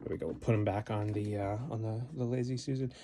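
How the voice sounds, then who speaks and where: A man's voice: lowish voice, fairly even intonation, fast, warm tone, slight background noise. A man giving a casual unboxing commentary at home, rambling and playful with many fillers and restarts, recorded on a phone. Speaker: toy reviewer. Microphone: phone camera.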